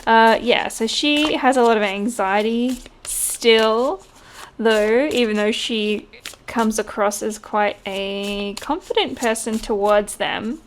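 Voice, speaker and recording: A woman giving a casual tarot reading, chatty and quick to laugh. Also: a little high, slight background noise. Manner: chatty, laughs often, mimics voices in quotes. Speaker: tarot reader.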